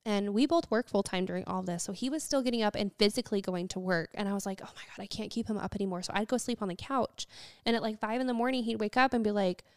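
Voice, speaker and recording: Young woman, casual chat, storytelling, smooth voice, dry close mic. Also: medium pitch, fast, dry recording. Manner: chatty storytelling, quotes people, many fillers. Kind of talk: casual conversation.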